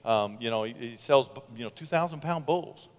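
A middle-aged man preaching a sermon as pastor, telling stories in an animated way and acting out quotes. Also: medium pitch, moderate pace. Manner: animated storytelling, acts out quotes. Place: church sanctuary. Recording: long church reverb.

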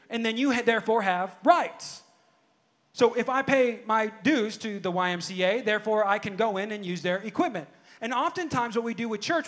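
High-voiced preacher working the congregation. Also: male voice. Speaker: pastor. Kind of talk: preaching a sermon. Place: church sanctuary before a congregation.

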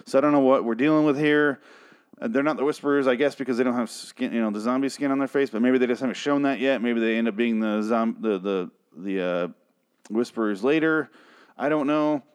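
A man's voice: medium pitch, brisk, smooth. Male recapper, casual and annoyed, profane, rambling delivery with frequent restarts. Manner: irritated, swears often, restarts sentences. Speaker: TV episode recapper.

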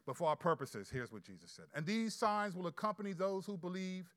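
A male pastor preaching a sermon, reading scripture aloud and posing rhetorical questions, moving between loud emphatic passages and quiet asides. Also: high-pitched, expressive, fairly quick.

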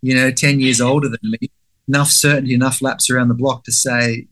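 A man's voice: mid-range voice, flat delivery, fairly quick, fairly bright tone. A man talking as a guest, telling a story candidly with some swearing and acting out his own inner voice. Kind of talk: conversational storytelling.

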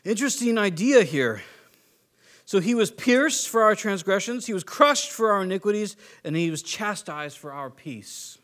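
High-voiced animated male preacher. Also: moderate pace. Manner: animated, acts out voices of biblical figures; swings between soft and emphatic. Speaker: pastor. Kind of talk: sermon.

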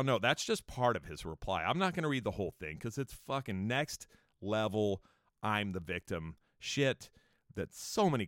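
A man's voice: fairly low pitch, no echo, studio quality. A man hosting a podcast, ranting angrily with constant swearing and mocking whiny imitations of people he dislikes. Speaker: podcast host. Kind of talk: profane casual podcast rant.

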